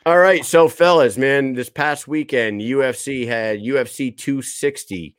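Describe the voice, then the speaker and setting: A man's voice: medium pitch, measured pace, dry recording. Guy in his 30s hosting a podcast, cussing and laughing, dry close sound. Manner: loose, profane, laughs often. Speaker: podcast host. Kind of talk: casual podcast chat.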